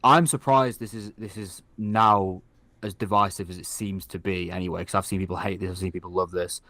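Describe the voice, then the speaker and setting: A man hosting a podcast in casual film chat, talking quickly and handing the floor to his co-hosts. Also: deep voice, fairly even intonation, a bit bright, dry recording. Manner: quick, chatty, hands off to others. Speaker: podcast host.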